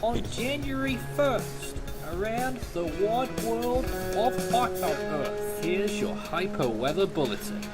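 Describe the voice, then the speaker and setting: A man's voice: sits high, takes it slowly, few pauses, heavily acted. A man doing a sarcastic weather presenter. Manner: deadpan, sarcastic bulletin reading. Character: mock weather bulletin presenter doing a jokey accent. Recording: video clip with loud music behind.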